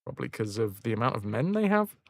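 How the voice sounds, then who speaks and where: A man streaming a game live, chatting to his viewers and cursing at the screen when it goes badly. His voice bounces around in pitch, full of life, and sounds close and dry on the mic. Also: sing-song, quick pace, dry recording. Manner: chatty, talks to viewers, swears when frustrated. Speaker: livestream gamer. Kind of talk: casual live-stream commentary.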